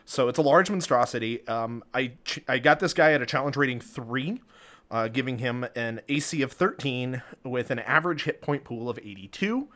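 A man's voice: mid-range voice, expressive, moderate pace, a bit bright. A man co-hosting a casual podcast, talking through a movie and a tabletop monster with lots of fillers and restarts. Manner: rambling, filler-heavy, laughs often. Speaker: podcast co-host. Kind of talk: casual chat.

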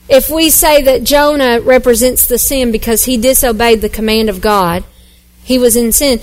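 A woman pastor delivers a sermon in a high, bright-sounding voice. She preaches earnestly, repeating phrases and building emphasis as she goes. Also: unhurried.

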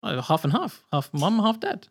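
A man's voice: high voice, huge pitch swings, moderate pace, vocal fry, breathy edge. A man from Malta, a podcast guest who chats casually and laughs easily. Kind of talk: casual chat.

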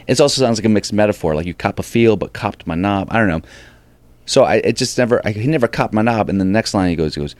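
A male comedian and actor tells an animated story in a casual interview, acting out quoted lines and restarting often. His voice is lowish and quick, with no room sound.

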